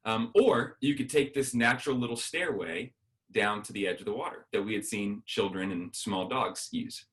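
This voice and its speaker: A man's voice: on the low side, normal speed. A man giving a sermon as a guest speaker, telling a personal story and acting out the dialogue.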